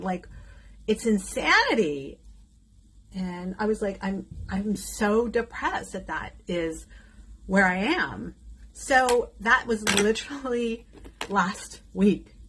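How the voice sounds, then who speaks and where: A woman's voice: mid-range voice, breathy edge, rough recording. A woman in her fifties talking candidly in a casual vlog while doing her makeup, chatting openly with plenty of fillers. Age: 50s. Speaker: beauty vlogger.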